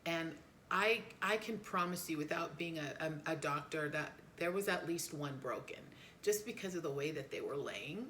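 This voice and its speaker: A middle-aged woman co-hosting a family podcast, telling a story in a casual, animated way and jumping high when she quotes people. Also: normal speed, a little hiss or hum. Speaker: podcast co-host.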